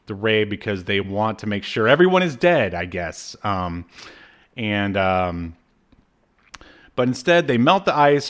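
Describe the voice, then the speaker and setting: A man's voice: fairly low pitch, a bit bright. A man co-hosting a podcast, recapping a cartoon in casual chat, with lots of fillers and wry asides. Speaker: podcast co-host.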